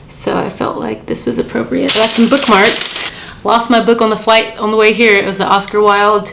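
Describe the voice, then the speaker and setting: A woman's voice: medium pitch, fairly bright tone, a little hiss or hum. A young woman from the United States, chatting casually and bubbly as a travel vlogger, laughing often. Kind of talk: casual vlog chat. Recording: music playing behind.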